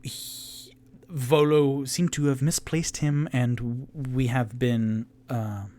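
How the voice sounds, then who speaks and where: A man voicing a polite, modest male adventurer in a tabletop game, speaking courteously and a little haltingly. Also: mid-range voice, steady tone, dark tone, lightly acted. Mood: earnest.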